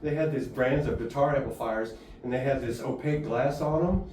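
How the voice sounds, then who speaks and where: A man's voice: medium pitch, brisk, a little mellow. A man, telling long rambling stories as a guest and laughing often. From Houston, Texas. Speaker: guest musician. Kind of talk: storytelling in conversation. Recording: echoey room, far from mic, faint noise.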